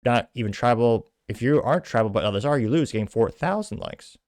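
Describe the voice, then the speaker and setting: Guy rattling off posts fast and snarking on them, dry close sound, mid-pitched voice. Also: expressive, darkish tone, dry recording. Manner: brisk, scornful commentary between read-out quotes. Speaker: podcast host. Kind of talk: reading out and commenting on social media posts.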